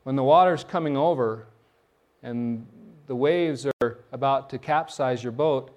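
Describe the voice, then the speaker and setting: A middle-aged man, a pastor, preaching a sermon in an animated storytelling way, often restarting and repeating words. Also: medium pitch, measured pace, highs cut off.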